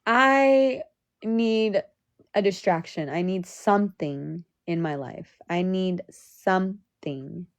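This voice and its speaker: Speaking slowly at medium pitch, a young woman on a live stream vents with her voice cracking as if about to cry. She curses a lot, circles back to the same points, and restarts her sentences again and again.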